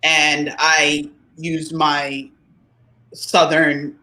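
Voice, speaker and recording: A woman co-hosting a podcast in casual chat, joking and animated. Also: low voice. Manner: animated, joking, quick laughs. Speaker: podcast co-host.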